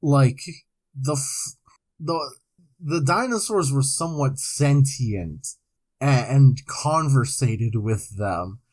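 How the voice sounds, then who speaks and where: A young man co-hosts a podcast at an unhurried pace, his pitch rising and falling widely. He delivers absurd facts in a deadpan way, with the odd weary sigh. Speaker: podcast co-host. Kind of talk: casual chat.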